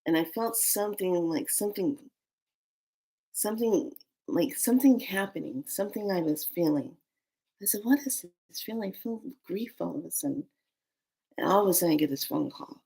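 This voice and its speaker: A woman's voice: fairly low pitch, moderate pace, vocal fry, pauses often, dark tone, poor audio. Earnest woman telling a personal story. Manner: emotional, earnest, addresses listeners directly. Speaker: spiritual storyteller.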